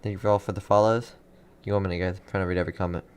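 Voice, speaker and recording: A man's voice: deep voice, level tone, very fast, clean tone. Young man hosting a live weather stream. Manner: casual, distracted, repeats place names from chat. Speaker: livestream weather host.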